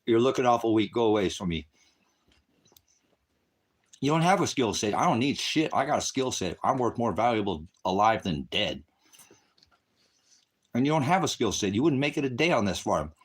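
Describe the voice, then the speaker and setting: A man's voice: mid-range voice, big pitch swings, moderate pace, long pauses, slightly rough. A man ranting angrily on a livestream, taunting and cursing at viewers in a combative, profane way, partly outdoors on his farm and speaking into a phone camera. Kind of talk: angry livestream rant at chat.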